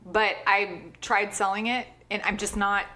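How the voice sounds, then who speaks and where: A woman's voice: medium pitch, steady tone, measured pace, bright, forceful tone. A woman co-hosting a casual podcast, speaking frankly and with animation. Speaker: podcast co-host.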